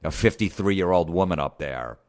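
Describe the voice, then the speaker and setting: A middle-aged man hosting a podcast, ranting in a profane, sarcastic way and mocking people with quick impressions. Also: low voice, animated, a little mellow. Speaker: podcast host. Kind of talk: comedic rant.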